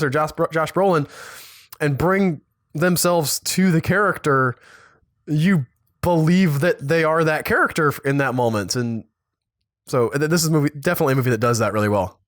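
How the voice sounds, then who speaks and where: A man's voice: on the high side, no echo, clean studio sound. A man co-hosting a podcast, chatting casually about a film in a rambling way that keeps correcting itself. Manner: rambling, self-correcting, animated asides. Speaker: podcast co-host. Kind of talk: casual film review chat.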